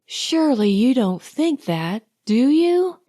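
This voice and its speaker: A woman voicing a proud, sharp-tongued young society woman in an audiobook, speaking slowly and with pointed distinctness. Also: high voice, sing-song, heavily acted. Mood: cool, chiding. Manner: crisp and pointed, slow distinct delivery.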